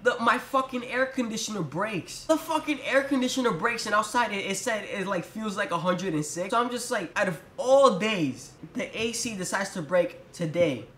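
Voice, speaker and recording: A man's voice: high voice, animated, normal speed, few pauses, a bit bright, a little hiss or hum. A young man telling a story to his camera, ranting in an exasperated, profane way. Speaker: vlogger. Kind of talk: storytime rant. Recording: echoey room.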